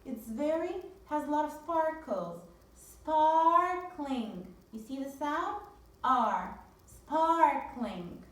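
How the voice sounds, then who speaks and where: A woman teaching a phonics lesson to young children, with drawn-out, sing-song repetition drills. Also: high voice, big pitch swings, fairly bright tone, distant mic. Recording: very echoey room, voice from off-mic.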